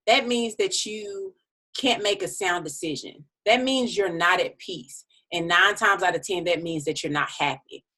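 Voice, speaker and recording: A woman's voice: fairly low pitch, measured pace, pushed and bright. A woman hosting a casual motivational podcast, talking in a chatty, direct way while her mouth is sore from the dentist. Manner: chatty and direct, addresses listeners as y'all. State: sore mouth after a dental visit. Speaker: podcast host.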